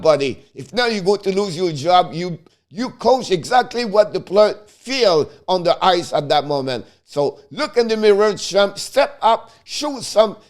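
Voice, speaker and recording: Frustrated hockey commentator with tinged English. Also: male voice, high-pitched. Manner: heated, frustrated, repetitive, broken English phrasing. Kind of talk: ranting fan commentary.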